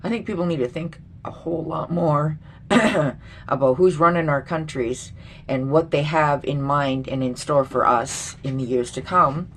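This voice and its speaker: A woman's voice: low-pitched, unhurried, a little hiss or hum. A middle-aged woman vlogger ranting bluntly and with lots of swearing in a casual commentary. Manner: blunt, profane, indignant.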